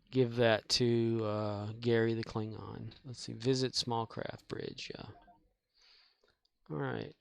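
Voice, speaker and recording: A man's voice: medium pitch, gravelly. A man streaming a game, chatting casually in a meandering, folksy way with many fillers and restarts and some mild swearing. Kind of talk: casual rambling chat while gaming.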